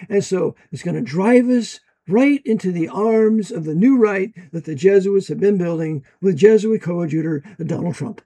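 An American man giving an emphatic, preachy monologue and reading passages aloud from a book, often rising to loud bursts. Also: sits high. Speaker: commentator.

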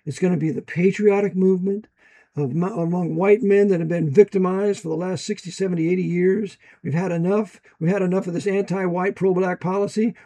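A high-pitched American man delivering a preachy monologue. He talks emphatically and swings into loud bursts, then reads passages aloud from a book. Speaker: commentator.

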